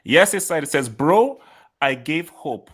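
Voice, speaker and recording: A man's voice: mid-range voice, animated, normal speed, fairly bright tone. A man hosting a casual live football chat, reading out viewer comments, laughing and repeating himself. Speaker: host.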